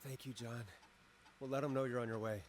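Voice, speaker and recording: A man voicing a calm late-night male radio DJ in a video game, with a steady broadcast delivery. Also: mid-range voice, brisk, natural voice. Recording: game audio with clear hiss.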